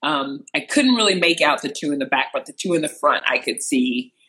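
Entertainment interviewer from rural Missouri, animated storyteller, bright and forceful delivery. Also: a little fast, rough recording. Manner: animated, acts out quotes with sharp jumps in pitch. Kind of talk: personal storytelling.

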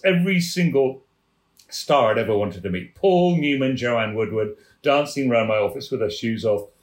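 A man from England spins theatre stories with relish, slipping into the voices of the people he quotes. He has a mid-pitched voice, and the room around him gives it a noticeable echo. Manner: lively raconteur, acts out quoted voices. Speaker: podcast guest, former theatre manager. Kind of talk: anecdotal storytelling. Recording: roomy echo.

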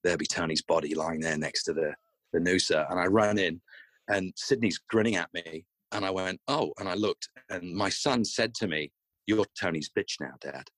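A middle-aged Australian man telling a comic anecdote, halting and restarting his words often. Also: sits low, a bit bright, no room sound. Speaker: guest storyteller.

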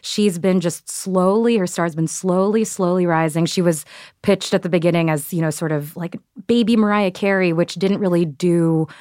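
A woman guest critic chatting about pop culture in a wry, quick way. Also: on the low side, fairly even intonation, a little mellow, dry recording, studio quality. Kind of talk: casual pop culture chat.

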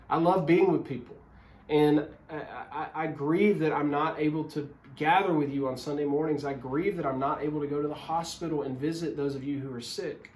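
Male pastor preaching earnestly, bit higher voice, echoey room, phone mic. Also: a little mellow. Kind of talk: sermon. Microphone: phone camera. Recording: roomy echo.

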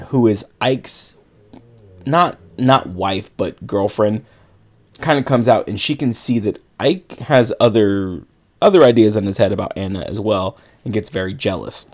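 A man with a fairly low voice recaps a film for a podcast co-host. He rambles casually and leans on filler words. He keeps it loose and conversational. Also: darkish tone. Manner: rambling retelling with many likes and you-knows.

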